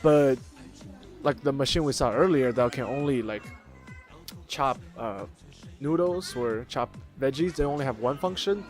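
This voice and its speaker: A man's voice: mid-range voice, unhurried, faint music behind. A man hosting his own channel, chatting casually as he explains internet memes, with plenty of fillers and restarts. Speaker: YouTube host. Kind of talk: casual meme commentary.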